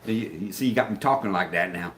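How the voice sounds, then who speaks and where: A man's voice: low-pitched, fast, fairly bright tone, slight background noise. An older man, chatting casually on his live stream, rambling with many fillers and restarts.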